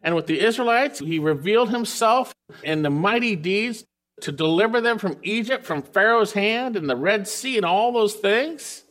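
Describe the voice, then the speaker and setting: A man preaching a verse-by-verse sermon, reading scripture and then explaining it with emphasis and questions to his listeners. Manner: emphatic, swings from loud highs to quiet lows; reads scripture aloud and asks the congregation questions. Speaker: pastor.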